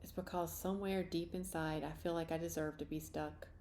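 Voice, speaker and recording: A woman leading a guided EFT tapping session, speaking slow, repetitive first-person statements for listeners to repeat. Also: low voice, steady tone, a little mellow, a little hiss or hum. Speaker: tapping practitioner.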